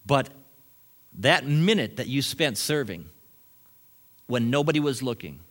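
A middle-aged man, a pastor, preaching a sermon in a church, animated and shifting between loud emphatic points and quiet asides, with brief chuckles. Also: mid-range voice, slow pace. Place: church sanctuary.

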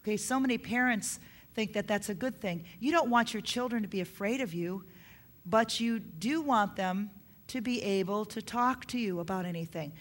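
A woman's voice: medium pitch, normal speed. A middle-aged woman preaching a sermon on parenting, earnest, repeating her key points for emphasis.

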